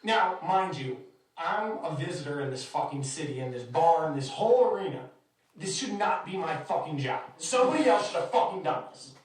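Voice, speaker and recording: A man's voice: on the high side, animated, fairly quick. A man hosting a podcast, telling a story in a casual, heavily profane, exasperated way. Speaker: podcast host. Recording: echoey room, distant mic.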